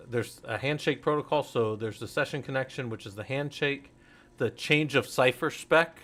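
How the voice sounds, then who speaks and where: A man's voice: mid-range voice, fairly bright tone. A middle-aged man hosting a casual teaching stream, rambling and interrupting himself, laughing at his own jokes. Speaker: host.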